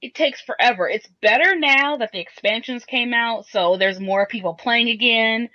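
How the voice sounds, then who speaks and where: A female co-host on a casual podcast goes on at length, rambling and restarting frequently. Her voice is on the high side with a moderate pace and a bright, forceful tone, heard through a dull, lo-fi recording.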